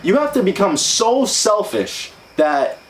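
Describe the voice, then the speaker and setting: A man's voice: high-pitched, very animated, slow pace, reverberant, low-quality recording. A young man co-hosting a motivational podcast, brash and profane, preaching with lots of "bro". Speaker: co-host. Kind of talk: casual motivational podcast chat.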